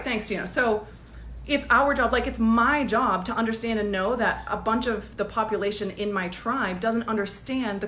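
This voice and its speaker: A woman business coach giving a casual live-streamed pep talk, energetic and blunt, laughing often and swearing casually. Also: mid-range voice, reverberant, a little hiss or hum.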